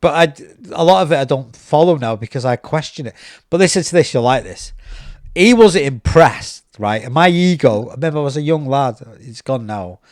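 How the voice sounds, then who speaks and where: A British man, a podcast host, telling a personal story in a casual, animated way, acting out the voices of people he quotes. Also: a little high, brisk, no room sound, studio quality. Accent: British English. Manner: animated, acts out quoted voices, repeats words.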